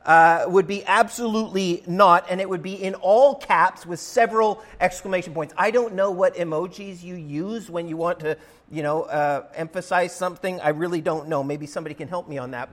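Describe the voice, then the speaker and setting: A man's voice: high-pitched, a bit bright. A man preaching a sermon as pastor in a church, in an emphatic, conversational way with rising stresses. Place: church sanctuary.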